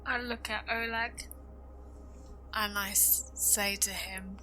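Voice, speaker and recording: A woman's voice: medium pitch, fairly even intonation, takes it slowly, pushed and bright. A woman playing a tabletop game, describing her character's actions. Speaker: player.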